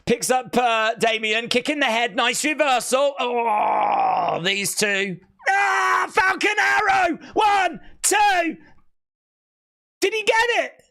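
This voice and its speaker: A host giving live reaction commentary on a wrestling event, chatty with asides to viewers and bursting into shouts at big moments. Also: high voice, slow pace. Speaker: watch-along stream host.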